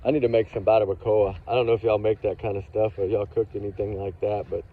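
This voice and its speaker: A man's voice: fairly low pitch, little pitch movement, fast. A man with a Texan accent, chatting casually outdoors in a rambling way that drifts off topic, heard through a tinny, phone-like recording. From Texas. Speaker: vlogger. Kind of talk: casual chat.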